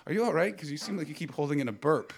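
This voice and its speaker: A man's voice: on the high side, expressive, gravelly. Brash, profane man doing live crowd work. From Canada. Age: 30s. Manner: brash, profane, rapid riffing that bursts into shouting. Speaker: comedian host of a live podcast. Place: small room with a live audience.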